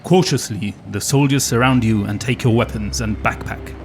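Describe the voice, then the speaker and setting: Relaxed man co-hosting a gamebook podcast. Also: medium pitch, moderate pace, a little hiss or hum. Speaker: podcast co-host. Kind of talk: casual chat and reading gamebook text.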